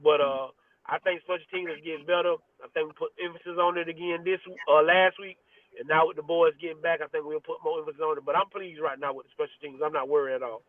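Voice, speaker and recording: A man's voice: on the high side, fairly even intonation, fast, no room sound. A man in casual sports talk, earnest and rambling, often repeating words. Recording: tinny phone-like line.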